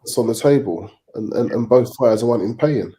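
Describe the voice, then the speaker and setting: A British man on a boxing talk show panel, measured and sceptical in tone. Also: mid-range voice, mellow.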